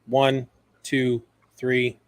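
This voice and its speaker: A man's voice: medium pitch, completely flat delivery, extremely slow, background noise. A man co-hosting a podcast from home, chatting loosely and jokingly with lots of restarts. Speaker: podcast co-host. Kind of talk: casual behind-the-scenes chat.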